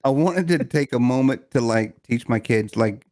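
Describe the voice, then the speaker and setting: A man co-hosting a podcast, telling a family story in casual chat with lots of laughter and animated retellings. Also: normal speed, dry recording, studio quality. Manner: animated, mimics people in high voices, laughs often. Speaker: podcast co-host.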